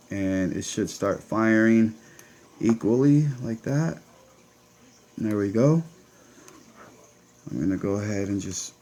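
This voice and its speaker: A man's voice: fairly low pitch, mellow. A man with a Connecticut accent, casually talking viewers through a hands-on build as he works. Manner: chatty, talks to viewers while working. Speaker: vape channel host.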